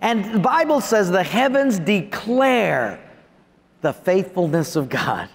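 Man, pastor preaching, animated, slightly high voice, long hall reverb. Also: slow pace, slightly rough. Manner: animated preaching, acting out prayers to God in a softer voice. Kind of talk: sermon.

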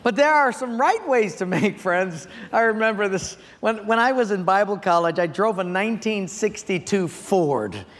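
A man's voice: sits high, long reverb tail. A male pastor preaching a sermon, telling stories and asking the audience questions. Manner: storytelling, asks the audience questions.

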